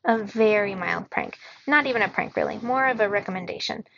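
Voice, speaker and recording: A woman reading a children's novel aloud in the first person, expressive, giving the characters their own voices. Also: mid-range voice, fairly quick, creaky, slight background noise. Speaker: reader. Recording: dull lo-fi recording in a dry room.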